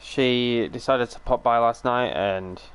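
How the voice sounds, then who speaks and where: A man's voice: mid-range voice, a little slow, smooth. A man streaming a game, chatting casually with viewers in a rambling way, full of fillers and restarts. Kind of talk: casual live-stream chat while gaming.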